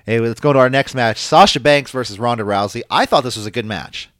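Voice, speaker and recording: A man co-hosting a casual podcast, recapping matches in an animated, swearing way. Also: mid-range voice, a little fast, no echo, studio quality. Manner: animated, swearing, puts on mocking voices. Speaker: podcast co-host recapping wrestling. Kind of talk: casual chat.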